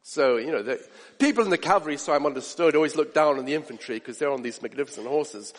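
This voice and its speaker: A man preaching a sermon in an animated way, acting out the voices of people he quotes. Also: a little high, fast talker. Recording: long hall reverb.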